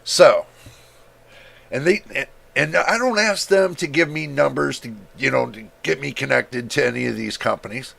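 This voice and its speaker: This tech reviewer hosts a livestream in a casual rant, getting heated and emphatic and repeating words for stress, with an occasional cough. His medium-pitched voice moves at a moderate pace, a bit bright with some vocal fry.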